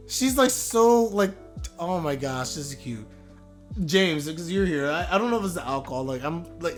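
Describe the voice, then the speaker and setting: A man streaming a live manga reaction, rambling and gushing with excitement. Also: a little high, brisk, faint music behind.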